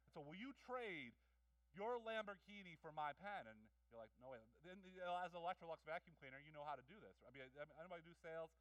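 A male pastor with a fairly high voice preaching a sermon, animated and joking as he acts out a story. He is heard from some distance in a dry room. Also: quick pace, no room sound. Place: church hall.

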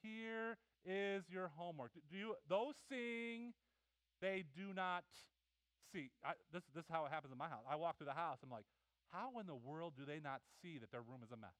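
A middle-aged man preaching a sermon, telling animated family stories and acting out the voices of his kids and wife. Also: on the high side, brisk, no room sound, low-quality recording. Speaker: pastor.

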